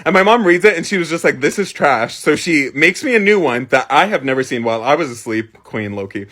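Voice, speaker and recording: Young guy, high-pitched and swinging all over, spilling a cringe story with swearing and laughs. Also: quick pace. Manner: animated, profane, laughing storytelling. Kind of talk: casual storytime.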